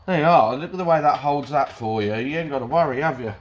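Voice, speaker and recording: A fast-talking man with a higher-pitched voice chats casually to camera while welding a pickup in his garage, muttering to his work. The audio has the highs cut off and slight background noise.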